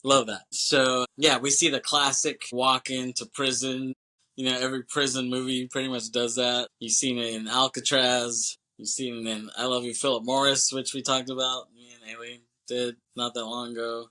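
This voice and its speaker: A man of average pitch with a sharp, bright tone, talking as a podcast co-host. He recaps a movie in loose, jokey chat and laughs often. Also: little pitch movement, moderate pace.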